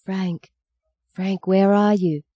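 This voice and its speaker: A reader voicing an anxious, tender young girl in an audiobook, speaking in a soft stage whisper. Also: medium pitch, flat delivery, takes it slowly, no echo, dull audio, pitched above the performer's own voice. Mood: hushed, tender. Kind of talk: audiobook character voice.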